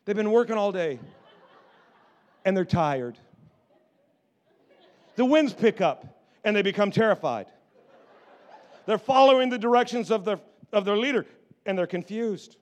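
A man preaching a sermon as pastor, animated and jokey, swinging from hushed asides to excited shouts. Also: high voice, unhurried, long pauses.

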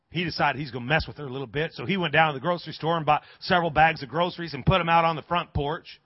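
A male pastor with a fairly high voice preaches with lively storytelling, dropping to a hush and then rising to a shout. The sound is dry and dull, like a lo-fi church recording. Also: breathy edge, no room sound. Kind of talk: sermon. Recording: dull dry lo-fi sermon audio.

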